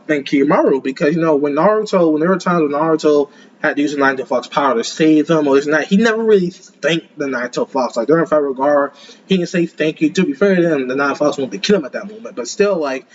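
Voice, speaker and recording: Excitable rambling young man, lo-fi. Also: a little high, fast, slight background noise. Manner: excitable, rambling, laughs often. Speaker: anime reaction host. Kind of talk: casual reaction commentary.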